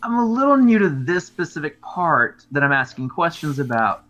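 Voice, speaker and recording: A man's voice: a little high, big pitch swings, normal speed, pushed and bright, dull audio, faint music behind. A man playing a character in a tabletop game, speaking earnestly and casually. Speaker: player.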